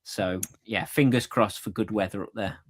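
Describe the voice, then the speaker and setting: A man co-hosting a casual podcast, relaxed and a little hesitant, repeating himself as he talks. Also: on the low side, moderate pace, husky. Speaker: podcast co-host. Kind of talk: casual chat.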